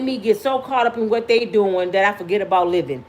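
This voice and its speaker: A woman in her fifties hosting her own vlog, talking straight to her viewers in a passionate, preachy way and sometimes yelling. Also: medium pitch, a little fast, few pauses. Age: 50s. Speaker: vlog host. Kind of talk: casual talk to viewers.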